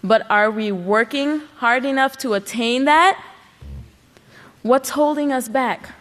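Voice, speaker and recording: A woman's voice: high voice, slow pace, fairly bright tone. A woman giving an earnest sermon at a religious service, pressing her points with rhetorical questions. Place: large worship hall. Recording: long hall reverb.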